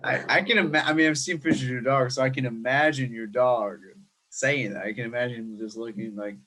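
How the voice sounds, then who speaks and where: A man's voice: medium pitch, brisk, sharp tone. A man hosting a podcast, chatting casually and reacting with enthusiasm to his guest. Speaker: podcast host. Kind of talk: casual chat.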